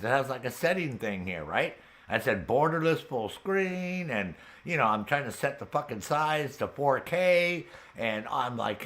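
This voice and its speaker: A man's voice: medium pitch, animated, normal speed, fairly bright tone. A man hosting a gaming show, casually and profanely retelling his own frustration, often breaking into laughter. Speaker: gaming channel host. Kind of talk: casual chat while gaming.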